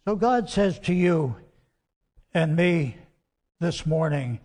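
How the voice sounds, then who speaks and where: Man, pastor, sermon, high voice, unhurried delivery, emphatic then hushed, long hall echo. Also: lively intonation. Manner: slow, emphatic preaching that drops soft and quiet on key words. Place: church sanctuary. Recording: long church hall reverb.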